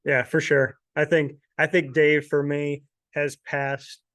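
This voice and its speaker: A man's voice: on the high side, level tone, takes it slowly, fairly bright tone, dry recording. A chatty man hosting a casual sports interview, laughing often. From Syracuse, New York. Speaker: interviewer and show host.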